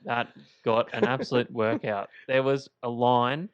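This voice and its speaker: A man co-hosting a podcast, ribbing his guest with a playful, teasing edge. His voice is smooth and clean at a middle pitch. It is recorded dry and slightly dull in a small home studio. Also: flat delivery, measured pace, no room sound. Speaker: podcast co-host. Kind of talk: casual storytelling chat.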